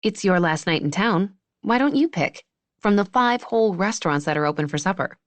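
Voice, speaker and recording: A woman voicing a wry young woman doctor with a deadpan sense of humor, in audiobook dialogue. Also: lowish voice, a little fast, no room sound, close to an everyday voice.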